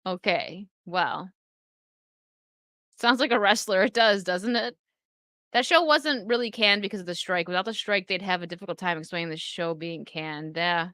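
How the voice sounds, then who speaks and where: A woman's voice: on the low side, normal speed, sharp tone, no room sound. A young adult woman casually chatting on a live stream, reading and answering viewer comments with lots of fillers.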